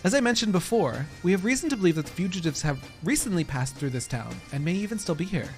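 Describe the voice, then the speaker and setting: A man reading aloud the lines of a formal, earnest young man from a fantasy game, measured and proper. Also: high-pitched, animated, soft background music, voice pushed up.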